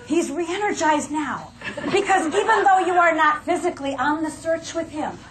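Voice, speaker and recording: A woman's voice: very high-pitched, animated, normal speed, fairly bright tone, roomy sound, some chatter behind, a little hiss or hum, low-quality recording. A woman speaker giving a humorous keynote talk, acting out the voices of the people she describes. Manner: comic, acts out quoted voices.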